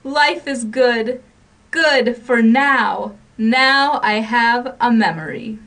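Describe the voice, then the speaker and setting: A woman's voice: a little high, expressive, unhurried, recorded from a distance, voice pushed up. A woman playing a teasing moonlit young woman. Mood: elated. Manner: teasing, breathy romantic delivery. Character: young woman, teasing, secretly paralyzed, bold.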